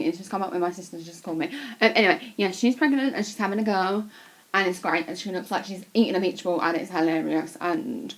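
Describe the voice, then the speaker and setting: A young woman chatting casually to camera, swearing freely and gushing like an excited fan. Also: fairly low pitch. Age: young adult. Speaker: vlogger.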